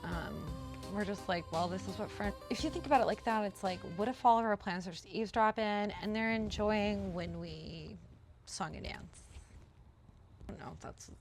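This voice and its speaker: Gravelly, chatty woman rambling about plants. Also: medium pitch, normal speed. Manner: chatty, rambling, self-deprecating, with profanity. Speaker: podcast host. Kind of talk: casual vlog monologue. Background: background music.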